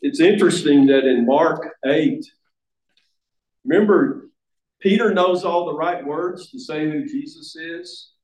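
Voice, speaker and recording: A man delivers a sermon in an earnest, emphatic way, restarting a phrase now and then. His voice sits a little high for a man. The sound carries the echo of a roomy church sanctuary. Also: unhurried, darkish tone. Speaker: preacher. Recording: echoey church room.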